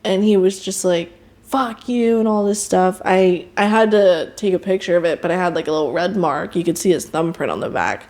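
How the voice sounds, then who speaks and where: A woman's voice: on the low side, fairly quick, few pauses, a little mellow. A young woman, a podcast guest, frankly recounting a hard relationship in candid personal storytelling, quoting others with a raised voice.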